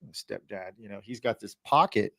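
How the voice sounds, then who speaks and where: Gravelly man telling a story. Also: fairly low pitch, normal speed, dry recording, clean studio sound. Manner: animated, swearing, acts out voices. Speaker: podcast guest. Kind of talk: casual storytelling.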